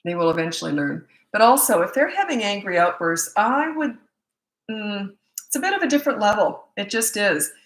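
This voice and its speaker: Lively woman coach in an echoey room. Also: mid-range voice, normal speed. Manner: lively, acts out quoted parents and kids in changed voices. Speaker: parenting coach. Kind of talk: casual live Q&A talk.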